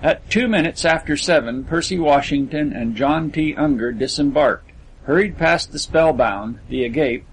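A man narrating a literary story in a measured, descriptive way. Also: fairly high pitch, husky, rough recording. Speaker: audiobook narrator.

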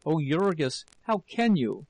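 A man's voice: unhurried, lightly acted, rough recording. A man reading a faltering, terrified young wife. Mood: pleading. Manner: low, faltering, breathless.

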